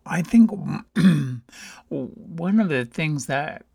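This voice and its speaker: A man interviewing an author, speaking in a measured, hesitant way and clearing his throat. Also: fairly high pitch, lively intonation, warm tone, no room sound, studio quality. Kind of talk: interview questions and comments.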